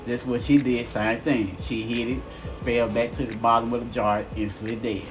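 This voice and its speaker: A man hosting a live show, telling jokes and chatting in a playful, animated way. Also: mid-range voice, moderate pace, faint music behind, rough recording. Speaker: host. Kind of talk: casual live chat.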